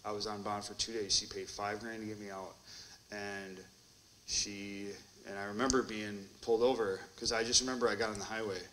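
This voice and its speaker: Man, Wisconsin, treatment court graduate; bright tone, rambling storyteller who acts out the quotes. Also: fairly low pitch, level tone, a little fast, a little hiss or hum, rough recording. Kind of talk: personal recovery testimony.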